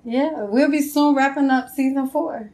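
A woman's voice: sits high, fairly even intonation, mellow. A woman co-hosting a podcast, chatting casually with a friend and laughing often. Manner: chatty, laughing, drawn-out phrasing. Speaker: podcast co-host. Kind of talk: casual chat.

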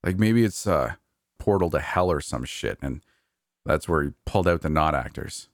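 A man's voice: a bass voice, animated, moderate pace, no echo, clean studio sound. A man doing a joking, reassuring young guy. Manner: casual, joking. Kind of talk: storytelling.

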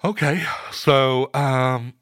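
A flustered show host stumbles over his words and keeps apologizing in a bright, lively voice. The sound is dry and close. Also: mid-range voice, drawn-out words, dry recording. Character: flustered male radio host caught off guard.

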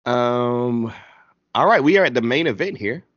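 A man's voice: mid-range voice, expressive, moderate pace, fairly bright tone, dry recording. A man hosting a casual wrestling recap podcast, talking in a laid-back, slangy way and laughing often. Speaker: podcast host. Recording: dull lo-fi dry sound.

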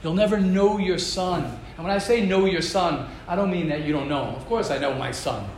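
A man's voice: a little high, quick pace. A man teaching a yeshiva class in an informal way, telling personal stories and building to emphatic, repeated points. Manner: animated, builds to emphatic repetition. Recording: roomy echo, faint background noise.

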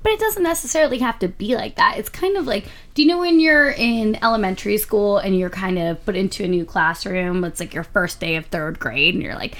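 A young woman from New Jersey co-hosting a casual podcast chat, telling stories in a chatty, animated way. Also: mid-range voice, a little fast, hardly any pauses. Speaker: podcast co-host.

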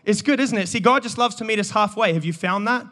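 A man, preaching an energetic sermon and joking with the congregation. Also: sits high, quick pace. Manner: animated, joking, calls out to the congregation. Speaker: pastor. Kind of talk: energetic sermon with audience banter.

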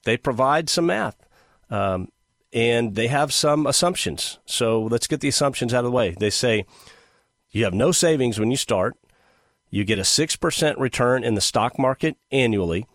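A middle-aged man hosting a show, talking in a casual, sarcastic and animated monologue. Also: medium pitch, normal speed, no echo, studio quality. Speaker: podcast host.

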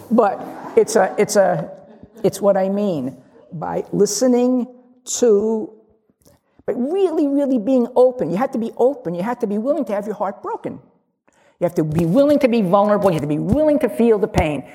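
An older woman gives a candid, funny dharma talk, her voice gravelly and husky with a mellow tone. The words carry a long reverb from a large meditation hall. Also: mid-range voice. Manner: candid, humorous, acts out little dialogues. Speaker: lay Zen teacher.

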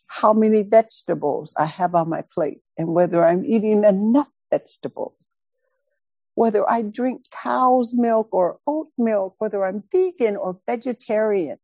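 A woman teaching Buddhist dharma, telling a personal story in an animated, emphatic way and repeating words for stress. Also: mid-range voice, unhurried, breathy edge, dry recording, lo-fi sound. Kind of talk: dharma talk with personal anecdote.

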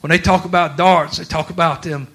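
A preacher man with a drawl and a bright, forceful voice set a little high. He moves from low, confiding talk to loud, laughing shouts. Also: steady tone, a little fast. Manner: swings from quiet to shouting, laughing through lines. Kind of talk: sermon.

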